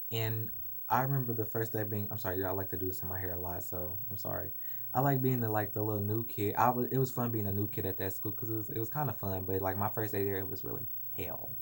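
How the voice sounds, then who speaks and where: On a phone recording, a young adult male vlogger earnestly shares a personal story in a confessional vlog. His gravelly voice sits on the low side, and his retelling is animated and emotional.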